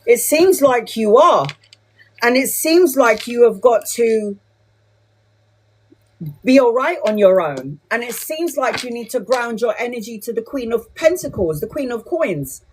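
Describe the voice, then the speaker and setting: A woman reading tarot live for her viewers, talking straight to them in a blunt, chatty way. Her voice sits a little high for a woman, and she drops in casual swearing while she gives advice. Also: big pitch swings, measured pace, slight background noise. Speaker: tarot reader.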